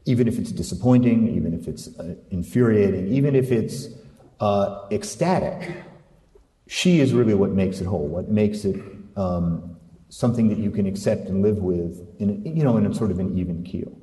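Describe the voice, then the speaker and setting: A man's voice: on the low side, lively intonation, mellow, recorded from a distance. Thoughtful man in an echoey hall. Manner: thoughtful, hesitant with pauses. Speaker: author being interviewed. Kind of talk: reading aloud and interview talk.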